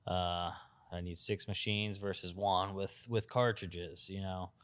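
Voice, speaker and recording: A man, a tattoo artist, chatting casually on a podcast, relaxed and reflective with lots of "you know". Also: sits low, a little slow, clean tone.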